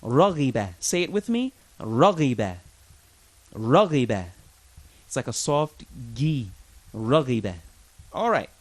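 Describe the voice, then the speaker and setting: A man gives a recorded Arabic lesson at an unhurried, deliberate pace. His pitch swings widely as he drills each word again and again, keeping an easygoing, informal tone with the class. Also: very animated. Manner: patient, drills pronunciation with repetition; chatty and informal with learners. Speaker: Arabic teacher.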